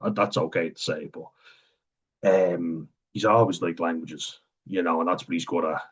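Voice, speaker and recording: This young Wexford vlogger from Ireland delivers a frank, rambling monologue, laughing between thoughts and swearing freely. His low, husky voice holds a steady tone at a moderate pace, and the sound quality is dull and lo-fi.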